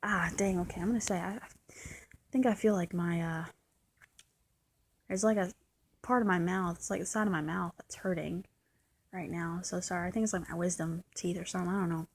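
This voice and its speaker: A woman's voice: fairly low pitch, steady tone, fairly quick, pauses often, slightly rough, rough recording. A woman vlogger speaking in a candid, venting confessional monologue, often repeating and restarting her words.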